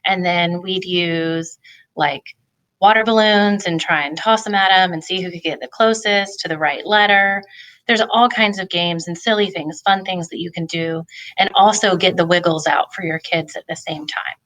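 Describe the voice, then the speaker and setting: Female presenter, parent-education talk; low-ish, bright and forceful voice, friendly and explanatory. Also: steady tone, normal speed, poor audio. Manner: friendly, explanatory, with filler ums. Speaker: family literacy presenter.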